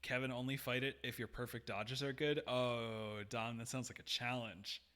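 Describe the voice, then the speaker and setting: A man's voice: medium pitch, flat delivery, moderate pace, pushed and bright. A man playing a game live on stream, thinking aloud with hesitant fillers and some dry humor. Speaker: game streamer, main player. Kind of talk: live gameplay chat.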